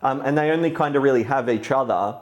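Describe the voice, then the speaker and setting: Calm, thoughtful male podcast co-host. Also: medium pitch. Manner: measured, thoughtful, hesitant with fillers. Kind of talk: casual podcast chat.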